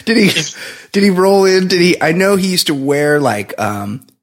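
A man's voice: high voice, big pitch swings, moderate pace. A man co-hosting a comedic podcast, rambling casually and laughing between lines. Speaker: podcast co-host.

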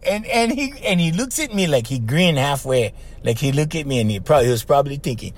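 An older man with a Hawaiian accent, hosting a podcast and telling a story in a slangy, animated way with lots of repeats. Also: on the high side, fast talker, breathy edge. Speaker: podcast host. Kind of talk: casual storytelling.

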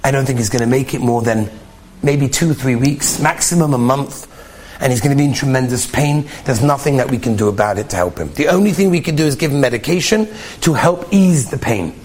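A man voicing a stern children's doctor who speaks gravely. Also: medium pitch, expressive, brisk, a little mellow, slight background noise, pitched below the performer's own voice, natural voice.

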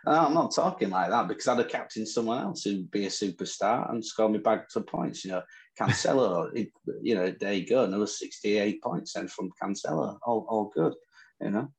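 A man's voice: lowish voice, moderate pace, gravelly, poor audio. A man with a Northern English accent, co-hosting a chat podcast and trading boastful, teasing banter. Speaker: podcast co-host. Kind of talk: casual chat about fantasy football.

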